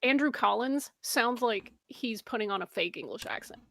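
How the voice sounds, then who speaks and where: A woman's voice: on the high side, expressive, normal speed, creaky, a bit bright. A woman co-hosting a reaction stream, chiming in with brief, dry remarks in casual chat. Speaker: co-host.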